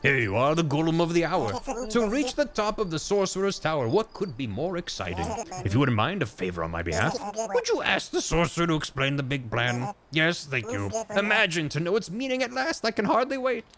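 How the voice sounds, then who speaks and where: A man's voice: fairly high pitch, huge pitch swings, brisk, crowd noise, pitched above the performer's own voice. A man voicing a fussy, thrilled gnome chronicler in a video game, prim and full of wonder.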